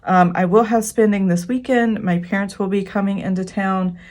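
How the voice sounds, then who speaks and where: A woman's voice: medium pitch, steady tone, normal speed, darkish tone. A woman hosting her own budget planning channel, talking casually and rambling with frequent fillers. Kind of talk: casual chatty vlog walkthrough.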